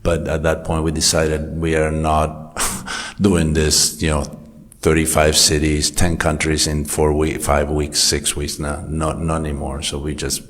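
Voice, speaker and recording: Male temple class speaker with a rumbling low voice who tells stories in an easygoing way. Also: completely flat delivery, measured pace. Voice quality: anecdotal, conversational storytelling. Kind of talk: informal scripture class talk. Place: temple hall.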